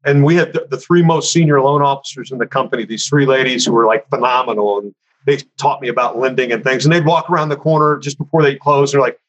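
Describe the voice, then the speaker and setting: A man casually telling a story from his career, animated and conversational, acting out what other people said. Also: medium pitch, fast talker, dull audio. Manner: animated, acts out other people's lines in a raised voice; conversational, frequent fillers like "you know" and "man".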